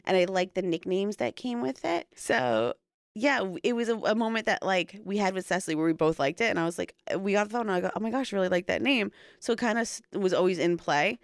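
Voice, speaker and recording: A woman's voice: medium pitch, animated, fast talker, no room sound. A young woman chatting casually on a podcast, telling a long story with lots of fillers. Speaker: podcast co-host and new mother. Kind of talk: casual chat.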